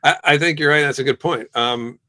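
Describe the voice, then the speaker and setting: A man's voice: on the high side, brisk. A middle-aged man, a guest musician in a casual interview, telling stories and acting out the voices of the people in them. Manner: lively storyteller who acts out quoted exchanges.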